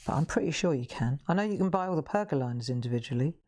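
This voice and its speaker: A woman's voice: deep voice, lively intonation, racing, dark tone. A woman hosting a live colouring demonstration, chatting, laughing often and making self-mocking asides. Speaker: craft show host.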